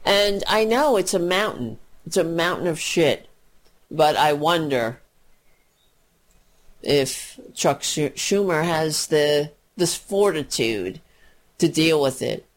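A woman's voice: deep voice, lively intonation, slow pace. A woman delivering an angry political rant, swearing freely, tripping over her words and mocking others with sarcastic put-on voices. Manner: profane, sarcastic, mocks people in put-on voices; restarts and stumbles while fuming.

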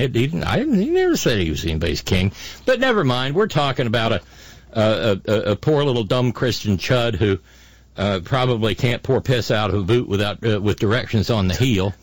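Sarcastic older man with halting delivery. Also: mid-range voice, dry recording. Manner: sarcastic, mocking, many fillers and restarts. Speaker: podcast host. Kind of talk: casual political commentary.

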